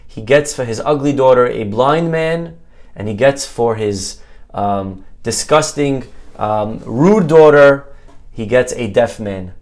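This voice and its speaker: A rabbi giving a Torah talk, telling a parable as an animated, jokey storyteller. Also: male voice, medium pitch, slow pace.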